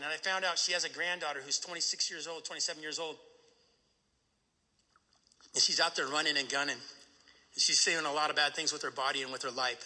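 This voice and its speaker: A man speaking at a recovery meeting, telling a personal story in an animated way and often asking "right?". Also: on the high side, big-room sound.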